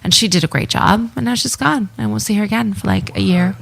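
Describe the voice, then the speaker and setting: A woman's voice: medium pitch, fairly quick, gravelly. A woman, a guest comedian on a casual chat podcast, making dry, teasing remarks. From Canada.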